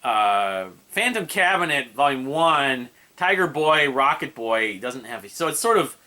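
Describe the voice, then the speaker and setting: A man's voice: mid-range voice, very animated, measured pace, pushed and bright. A man casually reviewing an album, rambling and hesitant with many fillers and restarts. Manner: hums and scats melodies.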